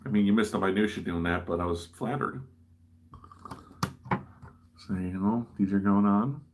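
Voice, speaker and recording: With slight background noise, a Midwestern livestream host chats as he puts together a model, rambling and teasing himself. He talks unhurriedly in a lowish voice.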